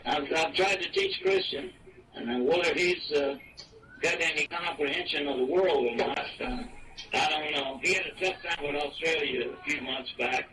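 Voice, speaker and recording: A man in his eighties from Virginia, reminiscing casually and haltingly, stumbling and repeating words with many fillers. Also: fairly high pitch, sing-song. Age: 80s. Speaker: retiree interviewed in an archive recording. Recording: distant mic with clear noise in an old home recording.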